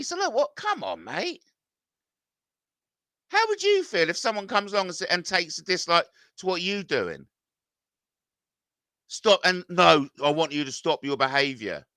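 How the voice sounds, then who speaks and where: A man's voice: on the high side, sharp tone, dry recording, studio quality. Agitated man ranting at comments. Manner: agitated, swearing, voice climbs when confronted. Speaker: YouTuber reading comments. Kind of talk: ranting reaction to viewer comments.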